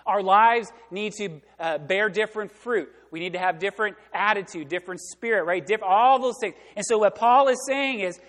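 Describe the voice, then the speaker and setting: A man preaching a sermon as pastor, asking the congregation questions and swinging between loud emphasis and hushed asides. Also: high-pitched, normal speed, few pauses, in a large hall. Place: church sanctuary.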